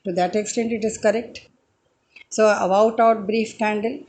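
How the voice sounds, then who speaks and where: A woman giving a reflective spoken talk, hesitant and pausing often on filler sounds. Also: mid-range voice, fairly even intonation, darkish tone, low-quality recording. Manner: hesitant, with frequent filler pauses. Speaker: speaker giving a short talk.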